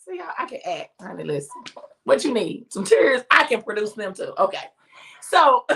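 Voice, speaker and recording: Female livestream host, 50s, bright-pitched, chatty and encouraging, easy laughter, phone mic. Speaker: minister hosting a morning livestream. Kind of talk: casual livestream talk to viewers.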